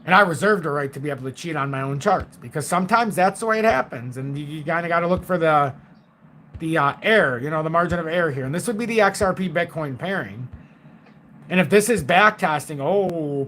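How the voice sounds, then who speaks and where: Excitable man in his forties. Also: a little high, slight background noise. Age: 40s. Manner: excitable and emphatic, thinks aloud with fillers and mild swearing. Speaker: crypto live-stream host. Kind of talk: casual live-stream chart commentary.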